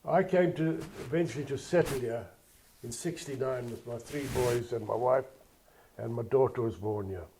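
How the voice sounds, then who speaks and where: A man's voice: medium pitch, normal speed, background noise. Older man telling his life story. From South Africa. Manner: plainspoken, digressive storytelling. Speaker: interviewee. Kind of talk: oral history interview.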